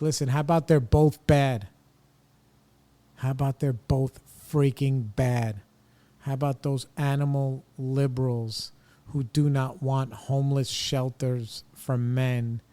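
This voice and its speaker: A man's voice: medium pitch, steady tone, takes it slowly, mellow. A middle-aged man hosting a podcast, ranting bluntly and casually in slangy opinionated talk. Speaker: podcast host.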